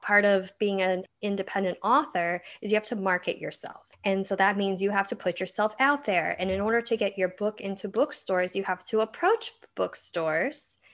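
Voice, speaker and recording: A woman's voice: mid-range voice, normal speed, few pauses, a bit bright. A middle-aged woman, an author being interviewed, telling personal stories in an earnest, chatty way and laughing often. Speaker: author guest. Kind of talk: casual interview chat.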